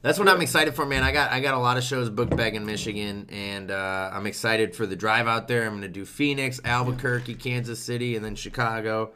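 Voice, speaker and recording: A man's voice: medium pitch, fairly quick, few pauses, bright, forceful tone, slight background noise. A young adult man, a comedian, chatting casually in a laid-back way and laughing often. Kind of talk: casual chat.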